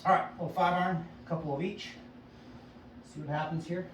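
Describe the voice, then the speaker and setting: A man's voice: on the high side, fairly even intonation, brisk, fairly bright tone, echoey room, recorded from a distance, slight background noise, low-quality recording. Chatty man coaching at a driving range. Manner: upbeat, chatty, self-coaching with frequent "right?". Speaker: golf instructor. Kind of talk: casual range-session coaching.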